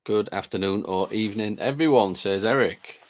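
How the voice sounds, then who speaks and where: A man with a fairly low voice hosts a live stream in a relaxed, chatty way. He works through the viewer comments, reads them aloud and greets people by name one after another. He still has a lingering chest cold. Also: normal speed.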